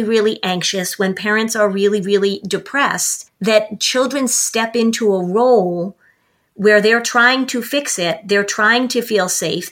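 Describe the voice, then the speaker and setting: A woman co-hosts a parenting podcast as its parenting expert, chatting casually while explaining at length and acting out what a parent and child might say. Her voice is mid-range and fairly bright.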